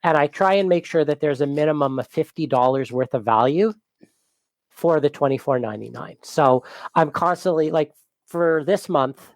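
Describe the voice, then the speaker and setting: A man's voice: fairly high pitch, normal speed, dry recording. A man who runs a small business, talking as a podcast guest in an easygoing way, laughing often, heard on a close mic. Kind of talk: casual conversation.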